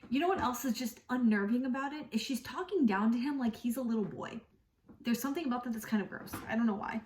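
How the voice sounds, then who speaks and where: A woman's voice: fairly high pitch, quick pace, darkish tone, echoey room, distant mic. A woman giving a casual book review in a wry, puzzled way.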